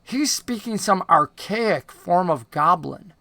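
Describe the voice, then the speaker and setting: A man's voice: high voice, lively intonation, slow pace, gravelly, bright, forceful tone, dry recording. A man narrating a tabletop game as game master, chatty and enthusiastic with many fillers.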